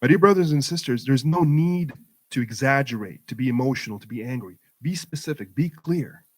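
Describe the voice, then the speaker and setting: A middle-aged man speaks with passion to a gathered community at a mosque event. His voice sits at an ordinary pitch for a man. He drives his points home through repeated phrases, pushing up and dropping back for emphasis. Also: animated, a little fast. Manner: emphatic, rhetorical repetition, rising and falling for emphasis. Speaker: guest speaker at community program. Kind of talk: impassioned public talk to a community audience.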